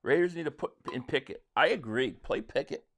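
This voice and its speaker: A man's voice: mid-range voice, lively intonation, brisk. A man from South Jersey hosting a live stream, chatting casually and rambling as he answers viewer comments, with frequent restarts. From South Jersey, near Philadelphia.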